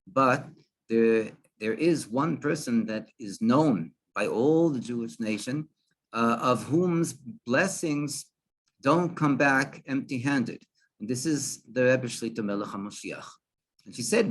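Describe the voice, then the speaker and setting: Man, rabbi, storytelling, halting speech, frequent restarts, mid-pitched voice. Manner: halting, many restarts and fillers. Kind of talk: storytelling talk.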